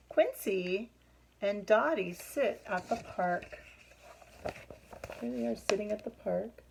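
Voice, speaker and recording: Husky, slow-paced woman reading to children with a lively, animated lilt. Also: mid-range voice, slight background noise, low-quality recording. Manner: explaining, asking the listener questions. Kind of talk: children's picture-book read-aloud.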